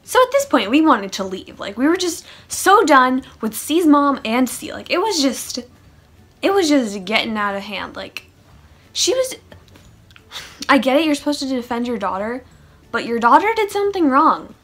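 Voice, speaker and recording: A woman's voice: sits high, big pitch swings, moderate pace, fairly bright tone. A woman chatting through a funny storytime vlog, with sarcastic asides. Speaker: vlogger. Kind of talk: casual storytime monologue.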